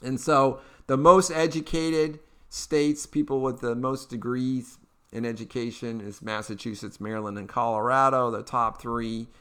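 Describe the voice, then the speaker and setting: A man with an Eastern Kentucky accent hosts his own political talk podcast. He rambles in a chatty, upbeat way, full of fillers and restarts. His voice sits mid-pitch and sounds smooth and resonant. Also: fairly even intonation, a little slow, fairly bright tone. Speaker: podcast host. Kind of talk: casual political commentary.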